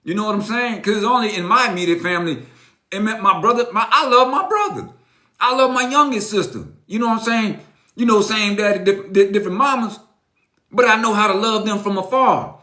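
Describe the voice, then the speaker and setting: A man's voice: high-pitched, brisk, bright, forceful tone, echoey room. A middle-aged man giving an emphatic, preachy motivational talk on a live stream, greeting viewers and repeating his key lines.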